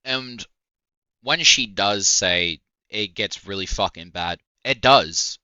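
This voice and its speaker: A man's voice: lowish voice, slow pace, pushed and bright, no room sound, highs cut off. A man doing a heated, profane reaction rant on his stream. He sounds incredulous and mocks what he hears, with short laughs. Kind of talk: ranting reaction commentary.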